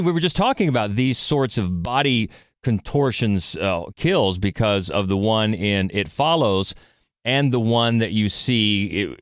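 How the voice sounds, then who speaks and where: A man co-hosting a podcast in relaxed, conversational chat, chuckling along. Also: lowish voice, no echo, studio quality. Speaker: podcast co-host.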